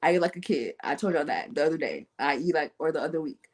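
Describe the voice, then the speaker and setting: A woman with speech talks in a casual, self-mocking monologue. She's playful and animated, her voice swinging up and down as she tells her stories. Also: sits low, fast talker, breathy edge. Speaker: guest on an online talk show.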